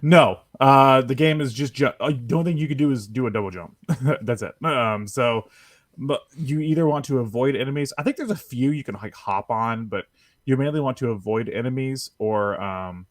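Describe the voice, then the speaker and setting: A man's voice: mid-range voice, moderate pace, no room sound, studio quality. A man chatting casually on a gaming podcast, reviewing a game with lots of fillers and chuckles. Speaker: podcast co-host.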